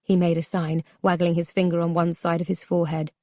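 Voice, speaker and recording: A woman narrating a memoir audiobook in a measured, subdued, somber way. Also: on the low side, level tone, mellow, dry recording, studio quality.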